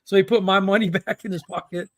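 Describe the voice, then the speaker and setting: A man chats on a livestream and tells a con story with lively energy, slipping into voices for the people he quotes. His voice sits a little high for a man. The sound is close and dry, with no room around it. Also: fast talker, no room sound. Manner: animated, acts out quotes, haggling banter. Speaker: comic collector guest. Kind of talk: casual storytelling chat.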